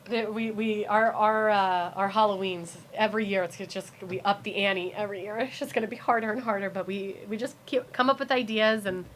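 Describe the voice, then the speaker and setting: A woman's voice: medium pitch, fairly even intonation, a little fast, hardly any pauses, fairly bright tone, slight background noise. A young American woman, a TV meteorologist, chatting as a guest in a casual interview, rambling with many restarts and fillers. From United States.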